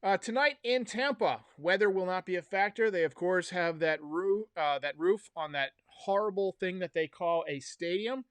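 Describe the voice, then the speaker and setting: A man's voice: high-pitched, moderate pace, few pauses, a bit bright, clean tone, no room sound. A man hosting a casual sports livestream, chatty, wry and opinionated as he talks to his viewers. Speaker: podcast host. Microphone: headphones and desk mic.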